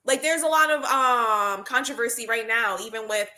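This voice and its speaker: A woman's voice: on the high side, moderate pace, bright, forceful tone. A woman co-hosting a podcast, firmly arguing back in a casual debate. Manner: firm, arguing back, many fillers. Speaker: podcast co-host.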